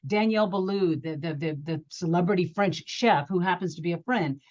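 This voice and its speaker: Lively middle-aged woman telling stories. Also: lowish voice, a little fast, hardly any pauses, dull audio. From Georgia, US. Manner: animated storyteller, acts out quotes. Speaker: journalist and author guest. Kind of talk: interview conversation.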